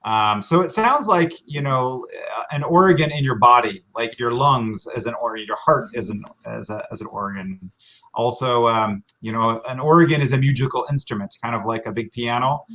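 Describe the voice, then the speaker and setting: An American man talks through slides like a tour guide on a live stream. His pitch sits in the middle, and he fills his pauses with ums and uhs. He sounds easygoing and friendly, heard through a computer mic. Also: pushed and bright. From Washington State, US. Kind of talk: casual presentation over slides.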